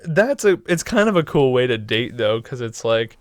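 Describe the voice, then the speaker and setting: Young male podcast co-host, crude joker, filler-heavy, lively dry delivery. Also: medium pitch, normal speed, no echo. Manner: crude joking, lots of "like" fillers. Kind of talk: casual chat.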